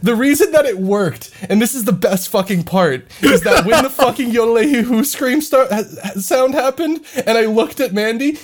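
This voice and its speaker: A man co-hosting a podcast, telling a story in casual chat, laughing often and swearing freely. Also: very high-pitched. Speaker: podcast co-host.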